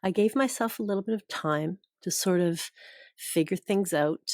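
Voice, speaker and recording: A woman's voice: mid-range voice, moderate pace, darkish tone, no echo, studio quality. A woman guest on a podcast, telling a personal story in an earnest, emotional way.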